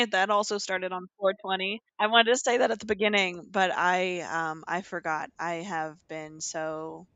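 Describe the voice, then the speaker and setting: A woman's voice: fairly low pitch, fairly bright tone, clear, resonant tone, no echo. A young woman co-hosting a podcast, chatting casually in a playful, teasing, sarcastic way. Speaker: podcast co-host. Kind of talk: casual chat.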